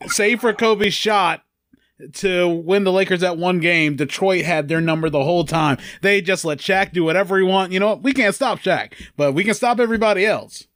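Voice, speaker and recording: A man's voice: high-pitched, moderate pace, fairly bright tone, no echo. Chatty man, dry close sound. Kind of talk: casual chat.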